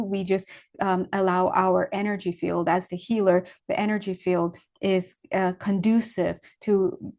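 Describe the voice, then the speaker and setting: A woman giving a casual spiritual tarot reading, rambling and correcting herself as she goes, with lively asides. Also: mid-range voice. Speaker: spiritual reader.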